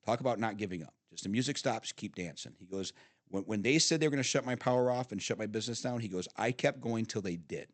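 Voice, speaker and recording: A man's voice: lowish voice, fast, no room sound. A middle-aged man telling family stories on a podcast, swearing freely and laughing between stories, often restarting his sentences. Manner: animated storyteller, swearing, frequent laughs and restarts. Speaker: podcast guest, father of the host. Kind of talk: casual storytelling chat. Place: studio.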